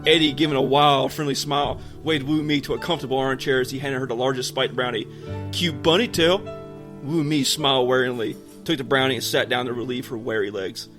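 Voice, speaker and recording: A man's voice: medium pitch, flat delivery, quick pace, few pauses, fairly bright tone. A man co-hosting a podcast, reading a story aloud to his friends in a casual way and breaking off to joke. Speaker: podcast co-host. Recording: music playing underneath.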